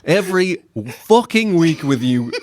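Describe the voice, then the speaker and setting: A man's voice: animated, unhurried, background noise. A man voicing an angry woman neighbour who reads the news and hurls insults in a raised, lilting voice. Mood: ranting. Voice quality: higher, clipped newsreader lilt turning to ranting insults. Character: angry middle-aged woman neighbour, foul-mouthed newsreader.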